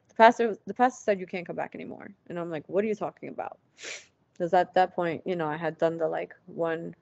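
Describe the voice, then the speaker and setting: A woman's voice: on the low side, darkish tone, no echo. A woman guest on an interview show, telling a personal story casually, acting out past conversations and using lots of "like" fillers. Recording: dull lo-fi, dry sound.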